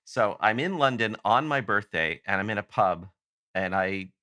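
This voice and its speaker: A man from Canada with a low, bright, forceful voice, spinning a rambling podcast anecdote and stopping often to correct himself. The sound is close and dry, with no room around it. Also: animated, normal speed, no room sound. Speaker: guest author. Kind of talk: casual podcast storytelling.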